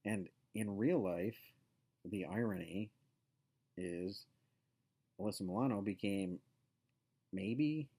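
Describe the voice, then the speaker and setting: A man with a notably low voice, talking slowly and loosely as he hosts a casual show. He wanders through his points with plenty of fillers and asides, and keeps circling back to them. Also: warm tone, slightly rough. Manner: rambling, many fillers and asides. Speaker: podcast host.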